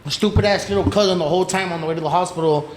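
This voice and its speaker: Rapid-fire and high-voiced, this man is a podcast guest telling a story in relaxed, profane, slang-heavy talk. He reenacts the people in it by quoting and voicing their lines. The recording has an echoey room sound with faint noise.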